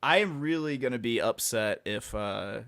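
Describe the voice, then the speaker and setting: A man's voice: mid-range voice, animated, normal speed, a bit bright, dry recording. Man joking through betting picks, dry sound. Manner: joking, quizzing his co-host. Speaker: co-host. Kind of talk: casual sports betting banter.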